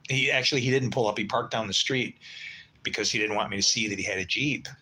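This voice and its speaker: Blunt, sharp-toned older man rambling on a livestream. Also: fairly low pitch, fast, husky, poor audio. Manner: blunt, swearing storyteller who mutters asides. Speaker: livestream host. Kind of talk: casual rambling livestream chat.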